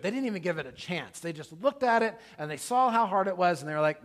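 Middle-aged male pastor, slightly high voice, animated conversational sermon storytelling. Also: fast.

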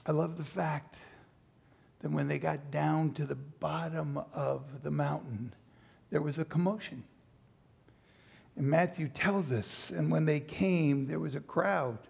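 A man delivers a sermon in an unhurried, deliberate way, his voice gravelly and a little husky. He reads scripture aloud and then retells the story with playful asides, acting out the people in it. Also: a little high, fairly even intonation, darkish tone. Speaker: pastor.

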